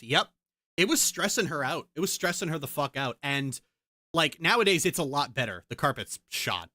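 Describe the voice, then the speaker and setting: Woman streamer venting hard, lots of swearing, bright sharp voice, super dry close sound. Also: low voice, no room sound. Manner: profane, heated ranting. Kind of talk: casual chat on stream.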